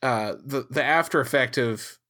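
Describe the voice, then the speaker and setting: A man on a casual podcast, retelling a scene with lively storytelling. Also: medium pitch, normal speed. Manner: animated storytelling, acts out scenes. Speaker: podcast co-host. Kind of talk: casual chat.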